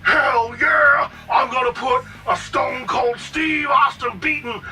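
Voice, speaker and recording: A man voicing an angry male wrestler, shouting. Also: extremely high pitch, fairly even intonation, slow pace, vocal fry, distant mic, soft background music, voice pushed up, full character voice, low-quality recording. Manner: shouting, raised strained voice. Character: furious loud-mouthed male wrestler.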